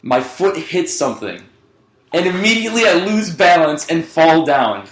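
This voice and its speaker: A man's voice: a little high, very animated, moderate pace, fairly bright tone. A young man casually telling a rambling story on a podcast, swearing and laughing along as he goes. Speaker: podcast co-host. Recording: echoey room.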